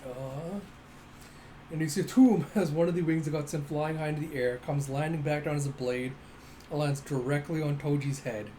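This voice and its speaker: A man's voice: a little high, moderate pace, mellow, a little hiss or hum, poor audio. A man casually recapping a comic panel by panel, cursing now and then. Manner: casual, swears, play-by-play describing of panels. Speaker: manga recap narrator.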